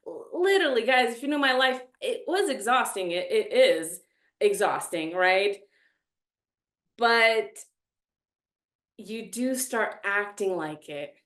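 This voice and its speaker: Woman, thirties, animated and a bit dramatic, casual chat, roomy echo. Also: medium pitch, takes it slowly, pauses often. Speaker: reality show contestant.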